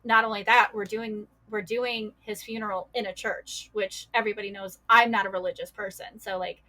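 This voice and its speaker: Bright-voiced woman telling a painful story. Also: mid-range voice, flat delivery, fairly quick. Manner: many fillers, acts out quoted voices. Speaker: guest. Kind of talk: emotional personal storytelling.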